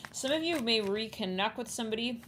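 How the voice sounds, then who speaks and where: A woman's voice: fairly high pitch, lively intonation, fairly quick. Lady reading tarot cards for her viewers, rambly and chatty, some noise and clicks in the background. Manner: chatty, thinks aloud, trails off and restarts. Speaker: tarot reader.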